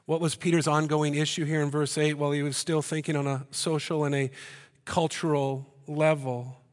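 A man's voice: a little high, little pitch movement, moderate pace, long reverb tail. A man preaching a sermon in a conversational way, firing rhetorical questions at the congregation and slipping in joking asides. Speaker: pastor. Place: church hall before a congregation.

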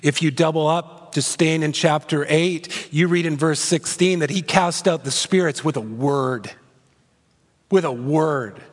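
A male pastor delivers an expository sermon with animated swings between loud emphasis and hushed asides. His voice sits a little high for a man. Long reverb from the church sanctuary trails every phrase. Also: a little slow.

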